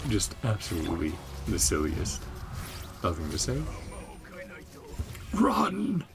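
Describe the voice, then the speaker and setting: Low gravelly laid-back gaming host. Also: male voice, lively intonation, a little slow, over music. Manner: laid-back, chuckling, thinking aloud. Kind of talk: casual game commentary.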